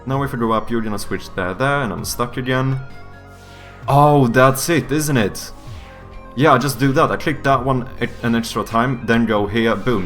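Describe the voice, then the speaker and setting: A male game streamer talking casually through his play on a live stream. He is excitable and profane, and often breaks into laughter. Faint music plays under his voice. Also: medium pitch, moderate pace.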